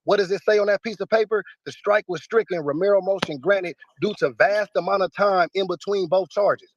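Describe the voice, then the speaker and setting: Fast-talking, combative high-voiced man. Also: highs cut off, slight background noise. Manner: emphatic, combative, profane. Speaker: battle rapper interviewee. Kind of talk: heated interview talk.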